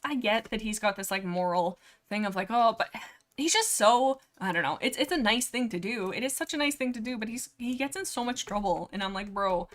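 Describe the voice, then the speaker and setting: A woman's voice: fairly high pitch, lively intonation, brisk, a bit bright. Chatty rambling woman livestreamer. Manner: laughs often and breaks off mid-sentence. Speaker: livestream host. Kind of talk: casual chat about books with read-aloud passages.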